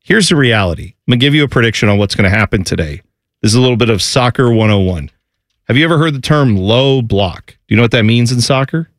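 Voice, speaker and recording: A man's voice: medium pitch, expressive, quick pace, dry recording, clean studio sound. A man hosting a casual sports talk show, explaining soccer in a chatty way with jokey asides.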